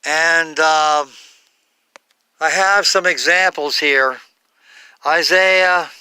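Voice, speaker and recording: A man giving an unscripted Bible talk, halting, with many fillers and self-corrections. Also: high voice, pushed and bright, clear, resonant tone, dry recording. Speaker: Bible teacher.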